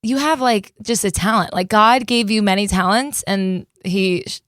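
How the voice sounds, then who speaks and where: A woman's voice: mid-range voice, normal speed, a bit bright, no echo, studio quality. A woman in her thirties hosting a podcast in giggly, self-deprecating casual chat. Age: 30s. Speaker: podcast host.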